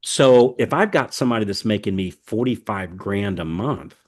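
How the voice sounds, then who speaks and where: Folksy low-voiced American man. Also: animated, moderate pace. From United States. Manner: rambling, folksy, many fillers and restarts. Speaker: podcast host. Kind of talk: casual podcast chat.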